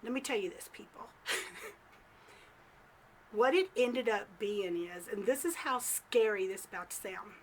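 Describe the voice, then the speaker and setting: A woman vlog host telling a story to camera in a chatty, animated way, full of "like" fillers. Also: mid-range voice, unhurried, long pauses, a little hiss or hum. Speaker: psychic medium and vlog host.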